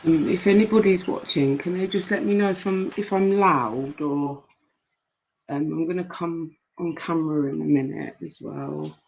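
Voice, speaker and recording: A grieving, tearful woman chatting with viewers on a live stream from home, halting with many pauses and fillers, on a laptop mic. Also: low voice, creaky, a little mellow, slight background noise, rough recording.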